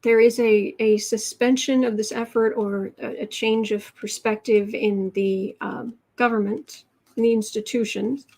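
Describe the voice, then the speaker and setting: A woman hosting a live tarot reading, musing aloud over the cards and answering chat in halting, drawn-out phrases. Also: a little high, fairly even intonation, a little mellow. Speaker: tarot reader and channel host.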